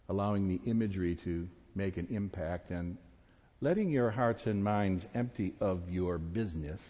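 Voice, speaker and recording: A man delivering a sermon as a pastor, reading slowly and meditatively. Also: sits low, darkish tone. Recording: echoey hall, dull sound.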